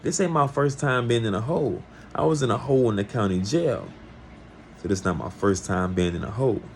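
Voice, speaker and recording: A man telling a personal story in a casual, lively way, acting out the people he quotes. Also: lowish voice, a little fast, a little hiss or hum.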